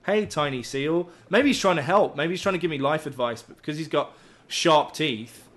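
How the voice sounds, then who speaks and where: A man's voice: fairly high pitch, lively intonation, fairly quick, fairly bright tone. A man commentating a survival game as he plays, rambling and joking, swearing freely and yelping when startled. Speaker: gaming YouTuber. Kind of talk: let's play commentary.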